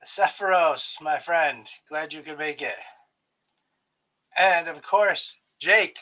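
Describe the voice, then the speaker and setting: A man's voice: fairly high pitch, takes it slowly, pushed and bright. A man hosting his own live stream, chatting casually and greeting viewers by name with friendly jokes. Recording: slightly dull lo-fi stream audio.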